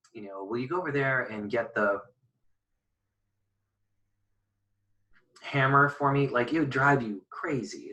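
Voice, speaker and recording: A man with a fairly low, bright and forceful voice gives a casual lecture on writing. He talks thoughtfully, with many fillers and restarts. He sits some distance from the mic. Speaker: poetry teacher. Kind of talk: informal lecture.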